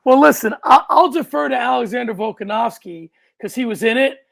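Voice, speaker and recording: A man co-hosting a casual sports podcast with a gravelly edge to his voice. He talks in an animated, rambling way, often restarting his sentences and breaking into loud outbursts. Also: very high voice, a little fast. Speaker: podcast co-host.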